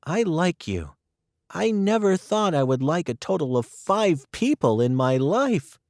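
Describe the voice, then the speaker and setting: A man doing a timid, excitable little girl from a storybook, her voice pitched well up and swinging eagerly from line to line as she pleads and confides. Slow, careful delivery, recorded close and dry. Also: no echo.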